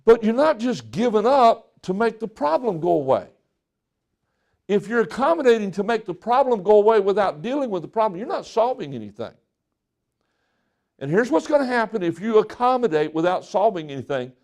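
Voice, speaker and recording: A man with a fairly high voice delivers a sermon from the pulpit. He talks in a conversational way, as if chatting with the congregation. Every so often he slips into short acted-out exchanges to make his point. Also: very animated, brisk, a little mellow. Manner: conversational preaching with acted-out quotes. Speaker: pastor.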